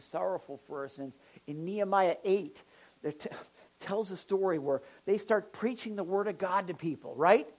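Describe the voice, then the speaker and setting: A woman pastor preaching a sermon in an animated way, now and then acting out the voices of people in the pews. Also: on the low side, low-quality recording. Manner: animated, acts out congregants' voices.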